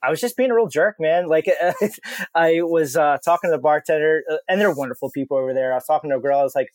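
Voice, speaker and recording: A man's voice: a little high, fast, no room sound. Man, casual guest storyteller, rambling with fillers, dry close mic. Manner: rambling and profane, with many fillers and laughs. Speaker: podcast guest.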